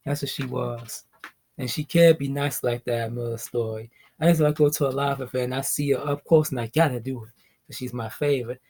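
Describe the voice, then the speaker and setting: A young man chatting casually about wrestling news, rambling, laughing often and swinging between excited bursts and mumbling. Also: medium pitch, a little fast. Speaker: vlogger.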